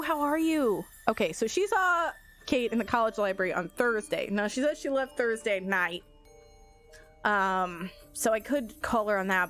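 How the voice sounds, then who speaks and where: A young woman streaming a game, chatting with viewers, telling stories and thinking aloud in a giggly way. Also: medium pitch. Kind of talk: casual live-stream chat.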